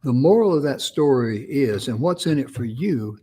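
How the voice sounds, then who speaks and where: A man's voice: medium pitch, animated, normal speed, mellow, husky. A man co-hosting a casual talk show, telling a personal story in a folksy, rambling way with restarts. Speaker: co-host.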